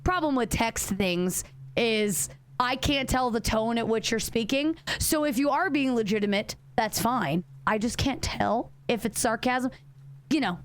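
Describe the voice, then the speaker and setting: A woman livestreaming a horror game in a casual, animated way, her voice sitting on the higher side. She rambles, restarts her sentences and corrects herself as she talks straight to her viewers. She swears freely and keeps an easy, loose chat going the whole time. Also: measured pace. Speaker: streamer. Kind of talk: casual live-stream commentary while playing a horror game.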